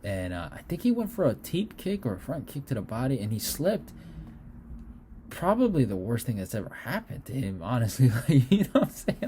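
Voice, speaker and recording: A man giving a casual, excitable fight breakdown, swearing freely and throwing in animated asides. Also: on the low side, slight background noise. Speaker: fight analyst.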